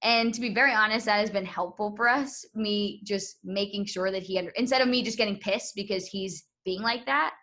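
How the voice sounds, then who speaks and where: A woman's voice: mid-range voice, brisk, hardly any pauses, slight background noise. A young woman chatting casually on a podcast, telling a story with lots of laughter and acted-out quotes. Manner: animated storytelling, laughing often, acts out quotes. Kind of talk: casual chat.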